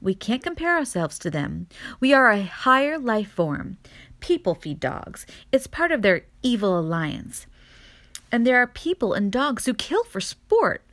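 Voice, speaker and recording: A woman's voice: on the high side, big pitch swings, a little slow, a bit bright, voice pushed up. A woman reading a storybook aloud, voicing a wise and theatrical mother possum who lectures her babies. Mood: solemn.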